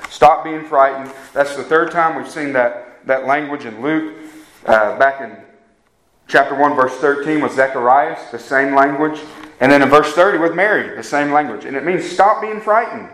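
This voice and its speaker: A man's voice: fairly high pitch, normal speed, a bit bright. A man preaching a sermon in a conversational way, often turning to his listeners with questions. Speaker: pastor. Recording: echoey room.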